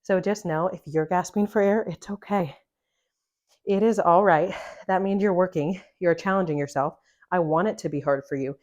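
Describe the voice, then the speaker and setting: Panting between breaths, a woman coaches a home workout, cheering her viewers on and explaining every exercise as they follow along. Her voice is lowish and somewhat dark, at a normal speed, and the recording has its high frequencies cut off.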